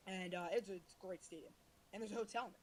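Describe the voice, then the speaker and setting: Fast-talking rambling young man. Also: high voice, steady tone, slight background noise, rough recording. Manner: fast, rambling, swears and rants heatedly. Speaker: podcast co-host. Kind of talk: casual chat.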